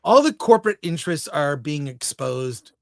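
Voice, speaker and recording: A man's voice: fairly high pitch, big pitch swings, normal speed, gravelly, no room sound, studio quality. A man guesting on a casual livestream chat, trading wry, sarcastic banter with the host.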